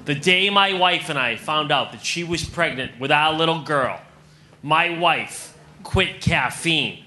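Sharp-toned and a little high, with lively intonation and a measured pace, this thirtysomething comedian works a club crowd with punchy jokes, addressing them as "folks."

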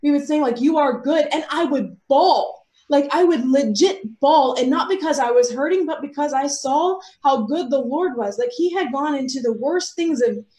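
An American woman with young children, giving an earnest, emotional faith testimony that moves between soft reflection and excited outbursts. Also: high-pitched, normal speed, hardly any pauses, reverberant. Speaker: author and speaker.

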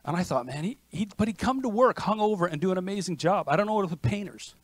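A man preaching a sermon as pastor, in a lively conversational manner with frequent restarts. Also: sits high, fast talker, no echo. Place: church sanctuary.

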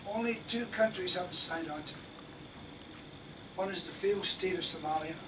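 An older Scottish defence lawyer gives an impassioned public lecture at normal speed, his pitch raised and his rhetoric indignant, swinging between loud emphasis and near-whispers. He was taped from the back of a lecture hall, with a distant mic and faint room noise.

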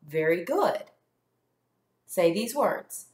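Slow, clear-speaking woman teacher. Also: on the low side, expressive, roomy sound. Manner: slow, clear, stretched-out sounds for children to repeat. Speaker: first grade teacher. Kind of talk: phonics lesson for young children.

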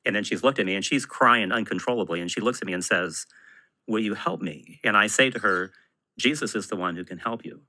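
A man who is a Catholic priest, telling a story in a measured way during a podcast interview. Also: lowish voice, pushed and bright, poor audio. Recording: played from a podcast clip.

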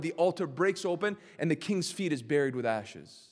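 A male pastor teaching a Bible study sermon, impassioned and building to loud, emphatic cries. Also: a little high, lively intonation, normal speed, few pauses. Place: church sanctuary. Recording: long hall reverb.

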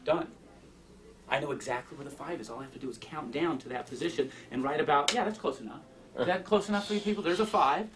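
A man's voice: a little high, fast. A man doing comic magic patter on stage, joking and chatting with the audience in self-mocking asides. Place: stage before a live audience. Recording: distant mic, loud crowd and noise. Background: loud audience noise.

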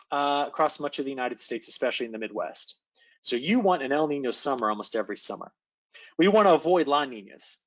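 A man, an atmospheric scientist, giving an animated forecast presentation in a virtual meeting, often checking in with his audience. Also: mid-range voice, lo-fi sound. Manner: animated, engaging, addresses audience with quick checks. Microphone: video call.

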